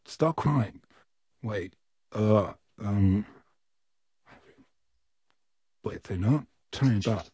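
A man voicing an evil male puppet neighbor in a fan audio role-play, smug and menacing, with a slow, theatrical drawl. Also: fairly low pitch, warm tone, breathy edge, dry recording, clean studio sound. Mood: flustered. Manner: slow, drawn-out, theatrical delivery with smug laughs.

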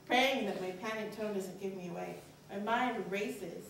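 A woman's voice: moderate pace, vocal fry, hardly any pauses, slight background noise. A young woman performing a candid personal story live on a college stage, her voice jumping up on anxious inner questions. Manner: earnest, candid, pitch rises sharply on anxious inner questions. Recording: very echoey hall, voice from far off.

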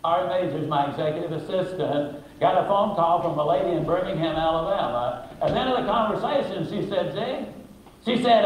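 A man's voice: sits high, fairly quick, a little hiss or hum. A man giving a motivational talk, telling a story in a folksy, emphatic, humorous way, in a very echoey recording played in a church. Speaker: motivational speaker. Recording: very echoey video played in a hall.

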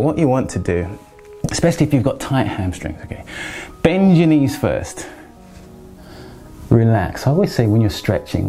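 A man leads a stretching session on the floor, speaking in a relaxed, mellow voice. He keeps checking in with his listeners as he coaches each move. Faint music plays softly behind him. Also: medium pitch. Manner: calm and reassuring, frequent "okay?" check-ins. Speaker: fitness instructor. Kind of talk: exercise instruction.

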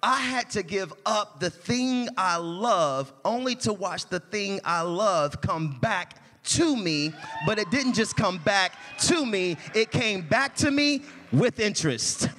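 A man's voice: high voice, lively intonation, slow pace, hardly any pauses, sharp tone. A man preaching a sermon as pastor, calling on the congregation to answer and building in intensity. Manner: preaching with call-and-response and rising intensity. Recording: long church reverb.

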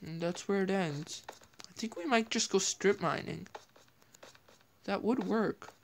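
A woman talks through her gameplay in a loose, rambling way, thinking aloud as she goes. Her voice sits at a middling pitch, and she keeps it casual. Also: unhurried, a little hiss or hum. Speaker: gameplay video host.

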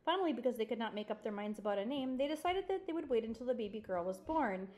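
A woman reads a children's chapter book aloud with a slightly high voice. Her delivery is teacherly, and she pauses to point things out to her young listeners. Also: lively intonation, darkish tone. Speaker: reader.

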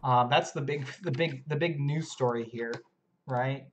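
An analytical esports caster breaking down a strategy game on a live stream, speaking at a mid-range pitch. Faint hiss sits under the home mic. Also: measured pace. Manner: analytical, explains mechanics, fiddles with stream overlays.

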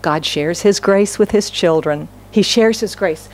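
A middle-aged woman pastor preaching a sermon, animated and emphatic, speaking quickly with frequent restarts and repeated phrases. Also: mid-range voice.

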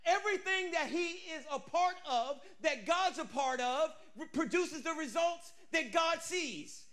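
A male pastor telling a story in an energetic, humorous sermon. His voice is very high and bright, and he often breaks into shouts. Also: a little slow.

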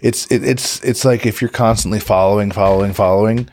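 A man's voice: on the low side, steady tone, brisk, darkish tone. A man hosting a podcast in casual chat, laid-back and full of fillers. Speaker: podcast host. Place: studio.

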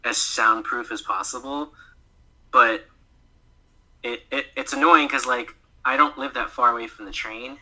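A male voice actor talks on a podcast in a very bright, forward voice at a middling pitch. He chats loosely and often laughs, filling his speech with "like" and acting out little quoted thoughts. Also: fairly even intonation, unhurried, poor audio. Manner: chatty, laughs often, fills with "like". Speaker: guest voice actor. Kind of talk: casual podcast chat.

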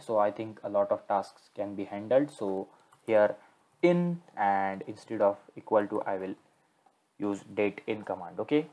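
A man's voice: on the low side, darkish tone. A young man giving a casual coding tutorial, thinking aloud with frequent okays and fillers. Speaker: programming tutor. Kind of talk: screen-recorded coding tutorial.

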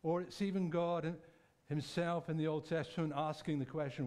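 A man preaching a sermon in a church, speaking conversationally and reflectively, pausing to correct himself and add asides. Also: on the high side, fairly even intonation, darkish tone. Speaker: pastor.

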